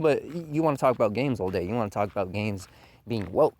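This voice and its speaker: A man's voice: fairly low pitch, lively intonation, fast talker, a little mellow, no room sound. A man hosting a commentary channel, delivering a heated, profane rant and mocking his critics in put-on voices. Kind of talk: ranting commentary monologue.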